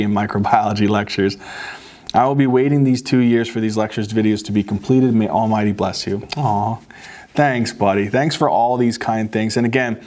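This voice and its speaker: A man hosting a casual show, reading fan letters aloud and thanking viewers, touched enough to get choked up. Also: fairly low pitch. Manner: warm, grateful, gets choked up. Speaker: host reading fan mail. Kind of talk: casual chat to camera.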